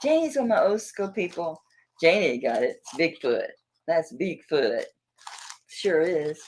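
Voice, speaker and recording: A middle-aged woman with a Southern accent chats her way through a live jewelry auction. Her voice sits on the low side but bounces animatedly up and down. She is warm with viewers and calls them baby. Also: very animated, a little slow, low-quality recording. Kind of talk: casual livestream chat.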